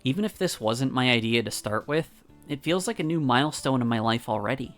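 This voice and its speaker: Calm man reading a story aloud. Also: mid-range voice, fairly quick, soft background music. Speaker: streamer. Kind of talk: reading a visual novel aloud.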